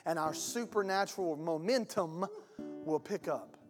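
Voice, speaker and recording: A man's voice: fairly high pitch, measured pace. Impassioned male pastor in echoing hall. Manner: impassioned, colloquial preaching. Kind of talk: sermon. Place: church hall with chairs. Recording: long hall reverb with faint guitar.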